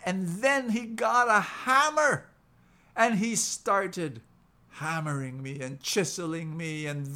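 A man voicing a calm, patient marble statue in a spoken parable, with a soft, confiding delivery. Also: high voice, pitched above the performer's own voice, full character voice. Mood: pained.

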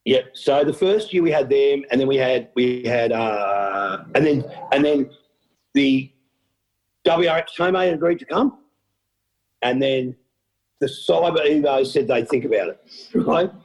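Speaking unhurriedly in a mid-range voice, a middle-aged Australian event organizer shares stories in an interview recorded roughly. He's a lively storyteller who laughs often and acts out what others said.

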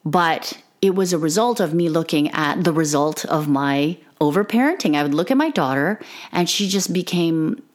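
A woman's voice: low voice, animated, moderate pace, hardly any pauses. A middle-aged woman giving an earnest, emotional, candid monologue to other mothers about her parenting. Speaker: parenting podcaster. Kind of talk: confessional monologue.

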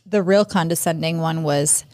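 Podcast co-host, woman, sarcastic and blunt, slightly low pitch, dry close recording. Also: normal speed, warm tone, no room sound. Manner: reads listener comments aloud, blunt and sarcastic. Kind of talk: casual chat.

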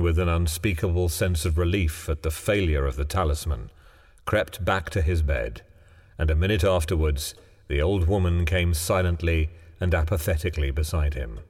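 A man narrating a ghost story in a hushed, suspenseful way. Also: deep voice, long reverb tail.

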